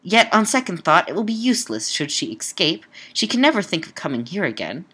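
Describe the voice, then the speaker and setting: A woman's voice: on the low side, big pitch swings, brisk, a bit bright, husky, full character voice. Woman reading as a frightened Gothic heroine. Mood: distressed. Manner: breathless, anguished exclamations.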